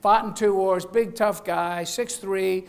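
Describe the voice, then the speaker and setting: A man's voice: sits high, fairly even intonation, slow, gravelly. Middle-aged man, school founder, delivering a playful graduation speech with frequent jokes. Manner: chatty, jokey, laughs at his own jokes. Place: event hall.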